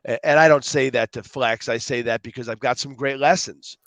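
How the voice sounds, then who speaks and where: A man speaking as a podcast guest in a mid-range voice, animated and talkative. He acts out the people in his stories and drifts between tangents. The sound is dry, with no room echo. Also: medium pitch, brisk, creaky. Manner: rambling, jumps between tangents. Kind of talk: casual storytelling interview.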